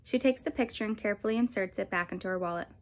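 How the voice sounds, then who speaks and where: A woman reading a novel aloud in a calm, measured way. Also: mid-range voice, rough recording. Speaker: audiobook reader.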